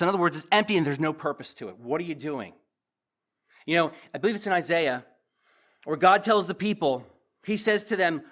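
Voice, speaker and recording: A man's voice: on the high side, expressive, a little fast, fairly bright tone. A man preaching as a pastor, teaching verse by verse and asking the congregation direct questions.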